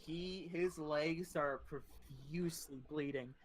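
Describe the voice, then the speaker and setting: A young adult podcast host casually telling a long personal story, animated and swearing freely. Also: mid-range voice, slow pace, slight background noise.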